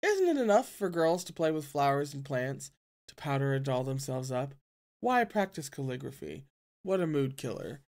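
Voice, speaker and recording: Reader doing gruff drunk older nobleman, slurred, dismissive, storybook reading, mid-pitched. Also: big pitch swings, normal speed, darkish tone. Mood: scornful. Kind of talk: audiobook-style fan reading.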